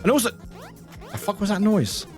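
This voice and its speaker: A man with a British accent, chatting casually as a streamer while playing a game, excitable, laughing often, swearing and breaking into high shouts. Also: moderate pace, faint music behind.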